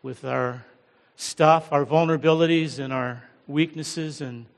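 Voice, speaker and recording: A middle-aged American man preaching as a guest pastor, humble and halting, with many fillers. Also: on the high side, steady tone, creaky. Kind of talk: sermon. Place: large church hall. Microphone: handheld or headset mic. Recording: long church hall reverb.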